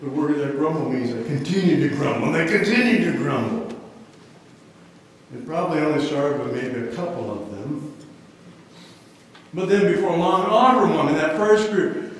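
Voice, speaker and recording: A man's voice: a little high, expressive, normal speed, slight background noise. A man preaching a sermon, telling a story with dramatic flair in a large church hall. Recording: echoey hall, mic far off.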